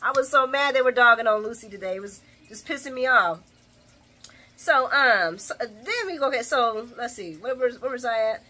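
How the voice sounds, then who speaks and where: Sassy, bright-voiced woman vlogger. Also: on the high side, animated, normal speed. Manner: sassy, opinionated, laughs often. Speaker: soap opera recap vlogger. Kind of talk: casual chat recap.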